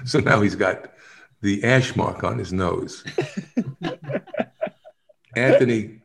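Gravelly-voiced man telling stories, laughing. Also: fairly low pitch, takes it slowly, a little hiss or hum. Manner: animated, laughs often, acts out other people's lines. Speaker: actor guest telling stories. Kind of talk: casual storytelling in an interview.

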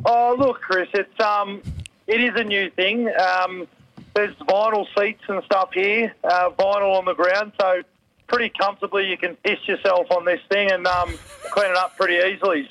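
Loud Australian man calling in from a train. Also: sits high, highs cut off. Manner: loud, laughing, crude joking. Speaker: co-host calling in. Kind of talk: casual banter. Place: on a train, public transport.

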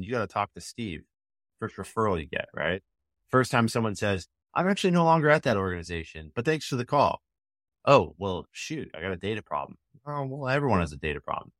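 Man, fairly low voice, lively podcast guest, dry close sound. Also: no room sound. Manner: energetic, acts out call snippets. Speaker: sales expert guest. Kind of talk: podcast interview answer.

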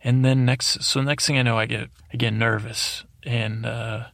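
A man's voice: mid-range voice, level tone, moderate pace, gravelly, fairly bright tone, no room sound. A man hosting a podcast, telling a meandering bedtime story in a droning, self-interrupting way that is meant to help listeners fall asleep, close to the microphone. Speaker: podcast host. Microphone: close studio microphone.

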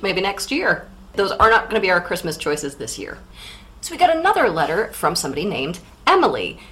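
A woman co-hosting a literature podcast, chatting casually with animated, teasing delivery. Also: mid-range voice. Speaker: podcast co-host. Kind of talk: casual chat.

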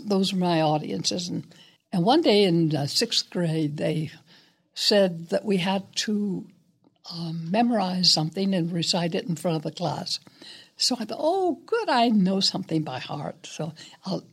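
An older woman, a guest actress, telling stories in an interview in a reflective, unhurried, somewhat hesitant way. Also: lowish voice, husky. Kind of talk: interview storytelling.

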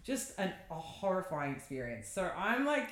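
A woman's voice: on the low side, sing-song, normal speed. A woman telling a rambling story in casual chat, swearing and acting out what others said. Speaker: podcast co-host. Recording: roomy echo.

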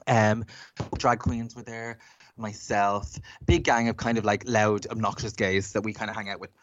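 A man chatting casually, telling a story in an animated way and acting out what people said. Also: lowish voice, moderate pace, no room sound, dull audio. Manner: animated, acts out quotes.

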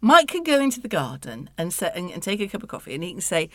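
A woman's voice: fairly low pitch, big pitch swings, fast talker, no echo. A woman co-hosting a casual studio chat, wry, exasperated and self-mocking. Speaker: podcast co-host.

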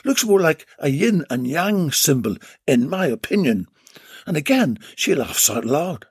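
A man's voice: a little high, big pitch swings, measured pace, breathy edge, no echo. A man hosting a comic podcast, reading out listener posts and reviews with cheeky, mock-dramatic asides. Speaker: podcast host.

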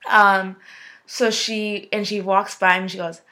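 A woman's voice: medium pitch, little pitch movement, unhurried, sharp tone. A young woman co-hosting a podcast, telling a story in casual chat with playful bravado. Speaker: podcast co-host.

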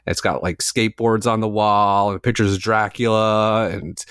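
A man's voice: on the low side, steady tone, moderate pace, a bit bright, clear, resonant tone, no room sound. Rambling man in his forties, dry sound. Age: 40s. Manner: rambling, self-mocking storytelling with filler words and casual swearing. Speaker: podcast co-host. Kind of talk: casual chat.

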